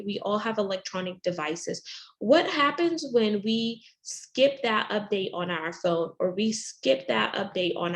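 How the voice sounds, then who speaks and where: A woman life coach, a podcast guest, explaining mindset exercises in a motivational, affirming way. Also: mid-range voice.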